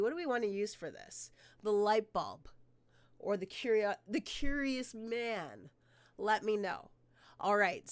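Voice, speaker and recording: Woman, live stream host, casual energetic chat, slightly sick voice, medium pitch, dry close sound. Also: no echo. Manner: energetic, chatty, talks straight to viewers.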